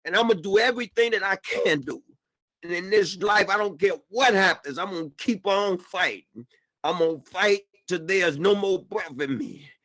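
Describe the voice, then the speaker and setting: A man's voice: high-pitched, normal speed, a bit bright. A man giving an impassioned personal testimony at a panel, repeating himself and often saying "man". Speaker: panel speaker.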